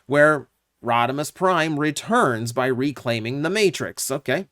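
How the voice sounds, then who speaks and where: A man's voice: mid-range voice, no room sound, clean studio sound. A man hosting his own channel, giving casual, opinionated commentary with lots of asides and fillers. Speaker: YouTube channel host.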